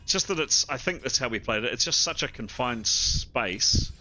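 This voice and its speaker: A man running a tabletop game as game master, talking in halting bursts and repeating words as he rules. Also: medium pitch, lively intonation, bright, forceful tone.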